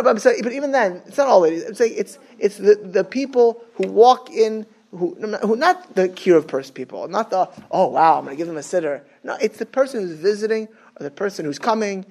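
A man's voice: high-pitched, expressive, normal speed, hardly any pauses. A man giving an informal Torah class, chatty and repetitive, dropping in Hebrew and Yiddish terms.

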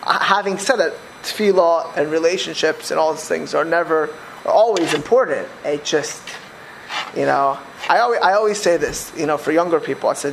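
A man teaching a Torah class, animated, with many restarts and repeated words. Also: fairly high pitch, normal speed, vocal fry, slight background noise, low-quality recording. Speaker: religious teacher.

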